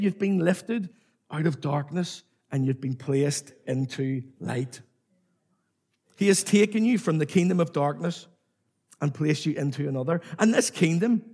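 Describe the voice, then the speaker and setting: Male preacher, husky and a bit high-pitched, emphatic sermon delivery with call-and-response. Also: darkish tone. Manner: emphatic, repetitive, calls on the congregation to respond.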